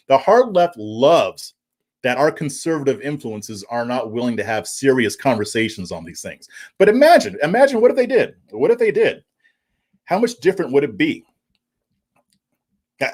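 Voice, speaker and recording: A man hosting a political commentary livestream, reading viewer comments in a casual, chuckling way and often stumbling over and repeating words. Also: mid-range voice. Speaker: political commentary show host.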